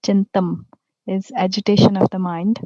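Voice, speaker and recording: A woman reading a text aloud in an online class, carefully and a little haltingly. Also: mid-range voice, flat delivery, mellow, muffled recording.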